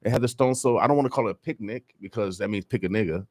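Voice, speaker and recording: A man hosting a morning radio show, making animated, hyped announcements and chatting casually about community events. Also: on the low side, fast, no echo.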